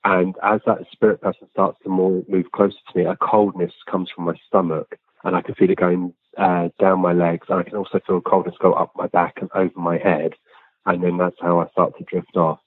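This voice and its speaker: A man's voice: low voice, level tone, brisk. A man, an interview guest, talking plainly and earnestly with frequent ums and restarts. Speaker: guest, physical medium. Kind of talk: relaxed conversational storytelling. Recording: tinny phone-line sound, dry.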